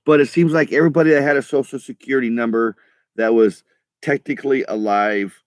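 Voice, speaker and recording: A man's voice: mid-range voice, no room sound, studio quality. A middle-aged man rambling in a casual monologue, swearing freely and often stopping to restart his sentences. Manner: profane, halting, restarts often. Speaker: vlogger.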